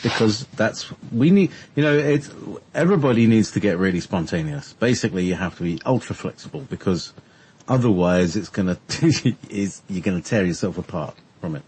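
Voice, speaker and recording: A man co-hosting a casual talk show, rambling with sudden pitch swings. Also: expressive, brisk, a little mellow, slight background noise.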